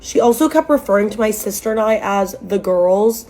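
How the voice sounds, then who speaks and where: A woman in her twenties telling a scripted storytime, sarcastic and exasperated, with sudden jumps in pitch. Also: lively intonation, normal speed, hardly any pauses, mellow.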